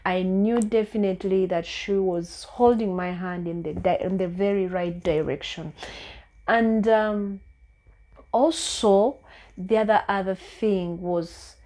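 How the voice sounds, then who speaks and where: A woman's voice: medium pitch, slow pace, darkish tone. A young woman with a Ugandan English accent, earnestly telling a personal story in a vlog, with many fillers and repeated words. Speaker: vlogger.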